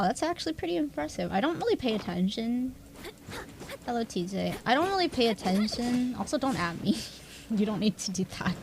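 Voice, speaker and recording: A woman's voice: medium pitch, slight background noise. A young adult woman livestreamer chatting casually with her viewers, rambling and self-deprecating, laughing often. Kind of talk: casual stream chat.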